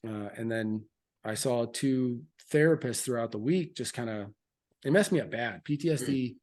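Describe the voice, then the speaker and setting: A man's voice: medium pitch, moderate pace, darkish tone. A man in his thirties, a military veteran, speaking as a podcast guest in a frank, earnest way with loose fillers and restarts. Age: 30s. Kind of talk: candid interview storytelling.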